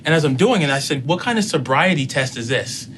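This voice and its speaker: Middle-aged male storyteller, animated, plays both sides of each exchange, faint background noise. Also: on the high side, brisk. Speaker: guest telling a personal story. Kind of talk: casual spoken storytelling.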